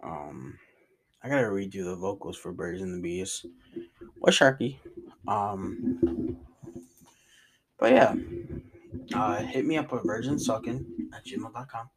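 Husky young man rambling on a podcast. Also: on the low side, animated, slow, long pauses, low-quality recording. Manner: loose slangy rambling with fillers. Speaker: podcast host. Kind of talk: casual chat. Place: log cabin.

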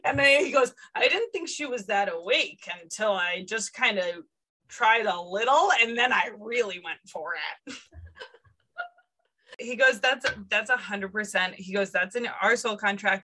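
A woman psychic medium chatting as a podcast guest, relaying a spirit's words in lively quoted bursts and laughing often. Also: a little high, moderate pace, low-quality recording. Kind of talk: casual podcast chat.

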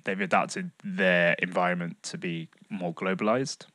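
A man's voice: low-pitched, fairly even intonation, measured pace, pushed and bright, no echo, studio quality. A young man co-hosting a podcast, laid-back and easily laughing, hedging his points with fillers. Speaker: podcast co-host. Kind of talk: casual chat.

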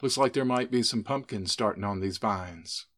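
A man reading the lines of a wary, sharp-tongued young woman in a spoken story. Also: lowish voice, moderate pace, natural voice. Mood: uneasy.

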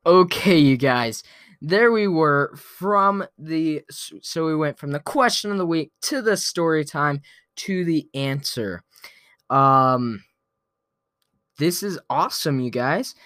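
Slow-talking playful male vlogger. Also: fairly high pitch, animated, a bit bright, no echo. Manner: playful, slow and drawn-out, chuckling often. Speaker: vlogger telling a weekly story. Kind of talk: casual storytelling to camera.

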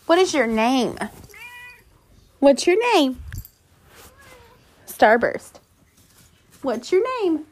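A woman's voice: sits high, animated, drawn-out words, pauses often. A woman hosting a podcast who talks in coaxing baby talk to her pet cat, asking it sing-song questions. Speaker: pet owner and podcast host.

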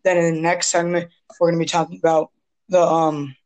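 A hoarse young man hosting a casual sports podcast, rambling and often clearing his throat. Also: on the high side, little pitch movement, fairly quick, darkish tone, low-quality recording. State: hoarse from asthma. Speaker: podcast host.

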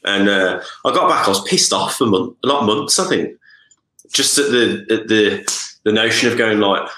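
A man with a very low voice chats casually as co-host, meandering through his thoughts and tagging his sentences with "isn't it?". The room around him rings with echo, so his voice sounds roomy rather than close. His talk is relaxed and unscripted. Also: moderate pace, a little hiss or hum. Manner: rambling, with frequent "isn't it?" tags. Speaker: podcast co-host, company co-founder. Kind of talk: casual chat.

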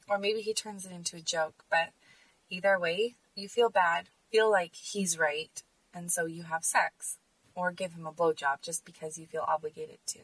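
Husky low-voiced woman, close dry mic. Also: fairly bright tone, no room sound, far from the mic, poor audio. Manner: earnest, emphatic, measured. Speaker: podcast host. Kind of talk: personal monologue.

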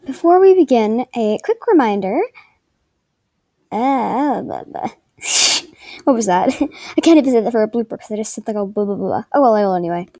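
High-voiced woman podcast host. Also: lively intonation, fast talker, warm tone. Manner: stumbles and laughs at her own slips. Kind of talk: casual podcast talk with bloopers.

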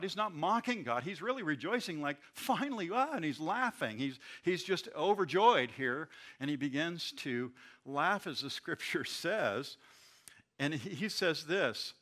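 A man preaching an expository sermon, explaining a scripture passage in a conversational, animated way. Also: a little high, measured pace. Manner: conversational, animated retelling with acted quotes.

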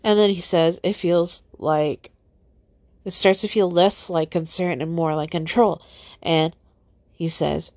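A woman's voice: on the low side, steady tone, slow pace, darkish tone, no room sound. A woman hosting a solo podcast, upset and near tears, sighing and swearing as she reads out text messages. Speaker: podcast host.

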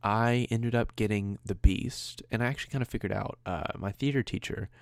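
A man's voice: lowish voice, brisk, vocal fry, dry recording, studio quality. A man hosting his own podcast, rambling casually and conversationally, with a self-deprecating streak. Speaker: podcast host. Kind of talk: casual solo podcast chat.

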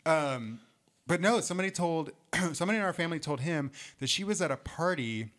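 A man's voice: a little high, expressive, a little fast. A young man in casual chat, telling rambling stories and laughing them off. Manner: rambling storyteller, laughs through dark stories.

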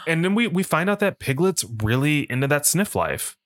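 Lively, wry man recapping a film. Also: on the high side, normal speed, dry recording. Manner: animated storyteller, dry jokes, quotes scenes. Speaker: podcast co-host. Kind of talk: casual chat recapping a film.

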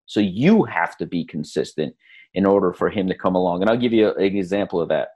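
A man's voice: low-pitched, fairly quick. A middle-aged man talking in a casual podcast conversation as a lifestyle coach, telling stories and acting out quotes. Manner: animated storyteller acting out quotes.

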